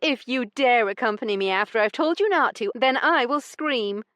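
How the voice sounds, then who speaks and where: A woman's voice: on the high side, expressive, measured pace, no echo, pitched above the performer's own voice. A woman doing Io, a fiery defiant lady. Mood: indignant. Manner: sharp, indignant retorts. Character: fiery young noblewoman, defiant and quick-tempered. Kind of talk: audiobook character reading.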